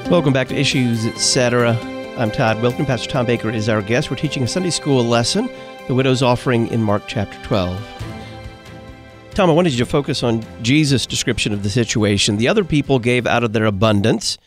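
A man's voice: medium pitch, a little fast. Male radio host with faint music behind. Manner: conversational, thinking aloud in questions. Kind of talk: radio talk show hosting.

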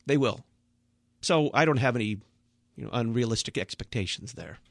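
A man's voice: medium pitch, animated, brisk, vocal fry, no room sound. Male pastor on a talk radio panel, emphatic and blunt, dry studio sound. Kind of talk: radio talk show discussion.

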